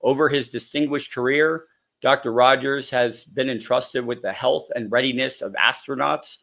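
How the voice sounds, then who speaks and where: A man hosting a podcast, excitable and chatty, filling his speech with "like". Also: medium pitch, creaky. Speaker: podcast host. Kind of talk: casual podcast interview.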